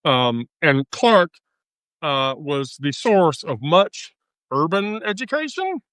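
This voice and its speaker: A woman hosting a live stream, telling a story in casual chat, animated and profane, laughing often. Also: low voice, slow, dry recording.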